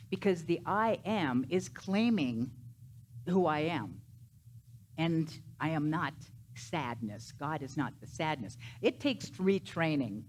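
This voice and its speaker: A woman minister giving a Sunday sermon to a congregation, animated and emphatic, often swinging her voice up and down for effect. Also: low voice, slight background noise. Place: church sanctuary.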